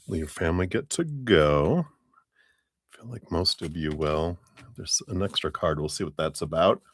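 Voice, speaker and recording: A man's voice: deep voice, noisy background. A man hosting a live tarot reading stream, greeting viewers by name in a friendly, casual way and chuckling often.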